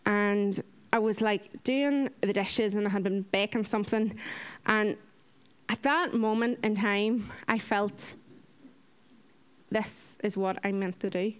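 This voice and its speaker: A young woman giving an earnest personal faith testimony as a mission volunteer, telling her story with animation. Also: clean tone. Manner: earnest, animated storytelling, acts out quotes in a higher voice.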